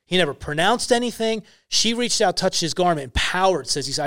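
A man's voice: high-pitched, animated, fairly quick, fairly bright tone, dry recording. Earnest young man, dry close sound. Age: young adult. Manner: earnest, emphatic storytelling with many "like" fillers. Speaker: podcast guest, ministry founder. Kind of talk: casual faith podcast talk.

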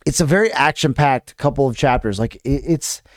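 A man's voice: medium pitch, brisk, no echo, clean studio sound. A man co-hosting a podcast, casually recapping a novel with lots of restarts and fillers while reading passages aloud. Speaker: podcast co-host. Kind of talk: casual chat recapping a book.

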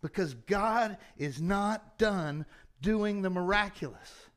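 Very high-voiced male pastor preaching. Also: takes it slowly, fairly bright tone. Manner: conversational, rhetorical questions, humorous asides. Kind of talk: sermon.

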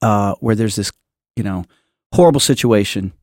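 A man's voice: lowish voice, moderate pace, darkish tone, dry recording, studio quality. A man hosting a casual church podcast, rambling through a story with many restarts and asides. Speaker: podcast host.

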